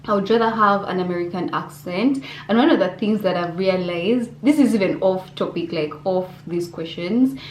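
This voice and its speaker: A woman's voice: medium pitch, moderate pace, few pauses, a little hiss or hum. A young woman from Uganda, chatting casually in a vlog Q&A, rambling with lots of fillers and restarts. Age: young adult. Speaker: vlogger. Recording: echoey room with faint ambience.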